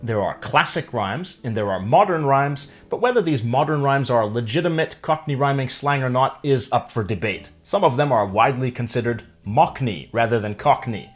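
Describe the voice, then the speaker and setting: A man narrating a scripted language lesson, explaining clearly and stretching example words out slowly. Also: medium pitch, lively intonation, faint music behind. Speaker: language teacher.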